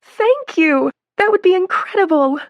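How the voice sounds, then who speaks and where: A woman voicing an excitable young woman who has just graduated, speaking eagerly and breathlessly, in an audiobook. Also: extremely high pitch, measured pace, dry recording, lo-fi sound, pitched above the performer's own voice, full character voice. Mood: thrilled. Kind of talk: audiobook narration.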